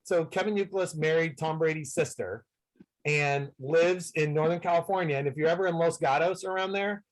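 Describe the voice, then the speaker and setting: A man's voice: fairly high pitch, brisk, low-quality recording. A man chatting casually as a guest on a video call, rambling and self-deprecating with upbeat energy. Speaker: guest entertainer.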